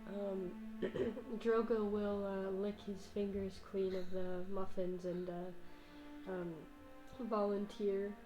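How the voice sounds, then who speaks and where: A woman plays her character in a tabletop game. She talks slowly with little rise and fall, and faint music is heard behind her. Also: mid-range voice, little pitch movement, mellow, low-quality recording. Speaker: player.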